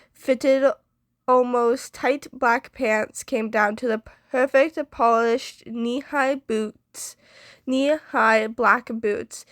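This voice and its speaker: A woman reads fan fiction aloud at a very slow, careful pace, often stopping to restart a word. Her voice sits a little high, and the recording is dry and close to the mic. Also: fairly bright tone, no echo. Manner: unhurried, with frequent restarts.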